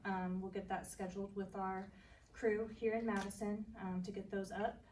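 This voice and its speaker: Flat-voiced woman closing a ceremony. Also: mid-range voice, normal speed. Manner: flat delivery with many ums. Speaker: ceremony organizer. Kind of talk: closing announcements. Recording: distant mic with faint background noise.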